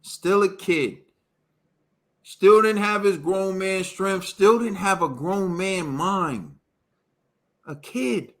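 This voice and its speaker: A man's voice: sits high, slow pace, long pauses. A man hosting a boxing talk show, ranting emphatically with slang and lots of repetition. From United States. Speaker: boxing podcast host. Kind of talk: heated casual commentary.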